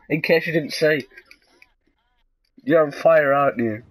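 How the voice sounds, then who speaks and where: A young man with a sarcastic, deadpan manner, casually commentating a video game and breaking into sudden excited yelps. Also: on the high side, unhurried, rough recording. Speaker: gaming video host.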